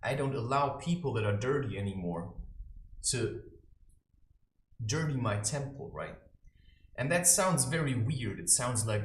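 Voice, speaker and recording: Preachy, lively man in an echoey room. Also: medium pitch, unhurried. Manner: preachy, mocking, theatrical. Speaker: self-styled spiritual advisor. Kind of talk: satirical monologue to camera. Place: his own room, indoors. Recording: roomy echo.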